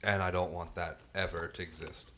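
A man in a casual food-review chat with friends, rambling and restarting his sentences, quick to laugh. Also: low voice, level tone, a bit bright, a little hiss or hum. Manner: rambling, self-interrupting, laughs easily.

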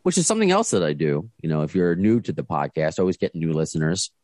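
A man's voice: deep voice, wildly swooping pitch, fast talker, a little mellow, dry recording. A man hosting a podcast over a video call, chatting casually and rambling with restarts. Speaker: podcast host. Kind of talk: casual chat.

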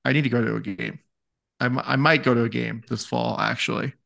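A man's voice: mid-range voice, fairly even intonation, a little fast, creaky, fairly bright tone. A man co-hosting a casual fantasy football podcast, easygoing and self-deprecating as he reads through draft picks. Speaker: podcast co-host.

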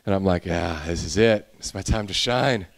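A man's voice: low-pitched, moderate pace, vocal fry. A young male pastor preaching a sermon, telling a personal story and building into intense preaching.

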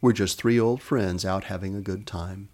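A man's voice: deep voice, fairly even intonation, moderate pace. A man voicing a cheerful, affectionate elderly woman in a read-aloud story. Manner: warm and laughing.

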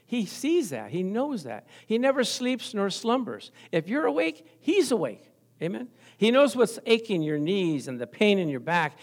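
High-voiced pastor telling stories. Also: male voice. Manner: storytelling with call-and-response, laughing often. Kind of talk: sermon.

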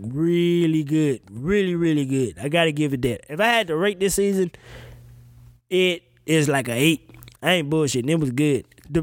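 A man's voice: fairly high pitch, dry recording. A man hosting a podcast in casual chat, ranting animatedly with lots of swearing and laughter. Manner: animated, profane, laughing rants. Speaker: podcast host.

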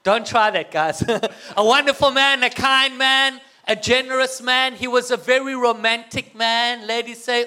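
A man's voice: extremely high pitch, unhurried, bright, forceful tone. A man with a South African accent telling a humorous personal story to an audience, getting the crowd to call back. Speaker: guest speaker.

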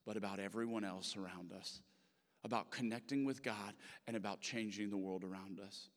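A male pastor giving a sermon to a live congregation in a church, talking casually and jokingly with many fillers. He moves between loud emphasis and hushed, soft passages. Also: medium pitch. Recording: long reverb of a large hall.

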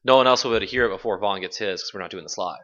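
A man's voice: fairly low pitch, rapid-fire, bright, forceful tone, lo-fi sound. A man hosting a casual games podcast, talking loosely, swearing and laughing often. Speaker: podcast host. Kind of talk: casual chat.

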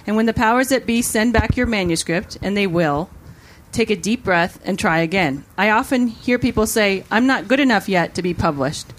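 A woman's voice: mid-range voice, expressive, normal speed, low-quality recording. Earnest woman reading a quote aloud. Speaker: author on a panel. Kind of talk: panel discussion, reading a quote.

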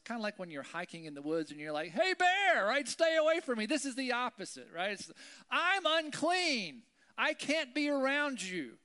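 A man giving a relaxed Bible lesson, chatting with listeners through rhetorical questions and now and then shouting out quotes with drama. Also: high-pitched. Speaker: preacher. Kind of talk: Bible teaching, conversational sermon.

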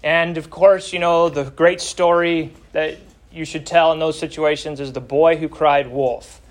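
A man's voice: fairly high pitch, fairly even intonation, unhurried. A middle-aged man teaching an adult Bible class, telling a family story in a folksy way and stressing key words.

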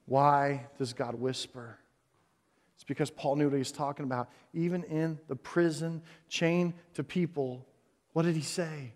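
A male pastor preaching a sermon on stage, animated and jokey, swinging between loud emphasis and hushed tones. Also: a little high, slow pace, long reverb tail. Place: church stage before a congregation.

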